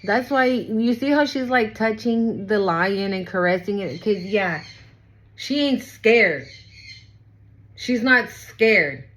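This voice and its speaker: A woman's voice: mid-range voice, expressive, slow, fairly bright tone, low-quality recording. A woman giving a casual tarot reading, talking straight to her viewers. She is blunt and swears freely. She drives each point home by repeating it and tagging on "right?". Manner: blunt and profane, repeats phrases for emphasis; asks "right?" again and again. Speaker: tarot reader.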